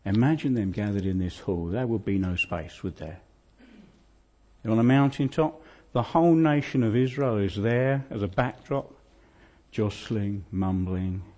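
A man's voice: lowish voice, darkish tone. A man preaching a sermon, retelling a scripture story in a vivid, conversational way, often asking his listeners questions. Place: church hall.

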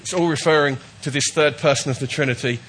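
Emphatic preacher man, somewhat high voice. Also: quick pace, a bit bright, husky. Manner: emphatic, repetitive, with false starts. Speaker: pastor. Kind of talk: sermon.

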